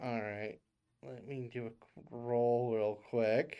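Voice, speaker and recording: A man's voice: medium pitch, fairly even intonation, takes it slowly, dull audio. A man running a tabletop game as game master, hesitant with many fillers.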